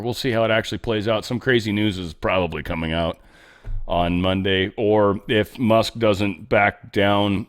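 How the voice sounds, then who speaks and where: A man hosting casual political commentary, rambling, profane and sarcastic, with mocking asides. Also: lowish voice.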